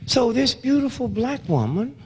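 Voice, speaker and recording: A man in his seventies giving a fiery lecture full of storytelling, swinging between hushed murmurs and loud outbursts, with rhythmic call-outs to the audience. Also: very high-pitched, sing-song, moderate pace, husky. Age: 70s. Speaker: speaker addressing an audience. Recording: long reverb of a large hall.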